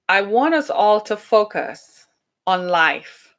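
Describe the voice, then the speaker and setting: A woman speaks in a relaxed, conversational tone at a middle pitch, as if hosting her own live stream. She reads viewer comments aloud and often checks in with her audience with a quick "right?". She laughs off trolls easily. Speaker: livestream host. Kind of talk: casual live talk reading viewer comments.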